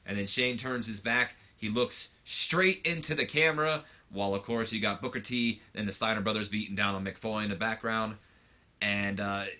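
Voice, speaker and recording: A man's voice: fairly low pitch, pushed and bright. A man giving casual let's play commentary on a wrestling game, rambling loosely with lots of fillers, on a slightly muffled mic.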